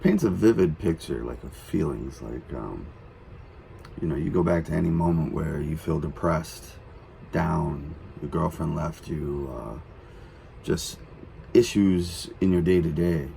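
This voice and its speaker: A man with a very deep, gravelly voice talks loosely through a reaction to a song. His tone is dark and mellow, and he rambles with plenty of fillers. Faint noise sits behind him. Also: unhurried. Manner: relaxed, rambling, many fillers. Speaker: reaction video host. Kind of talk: casual reaction commentary.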